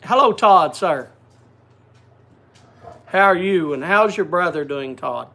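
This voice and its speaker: A man's voice: a little high, animated, takes it slowly, gravelly, pushed and bright. A man hosting a casual livestream, chatting and greeting viewers by name. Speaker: livestream host. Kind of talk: casual chat.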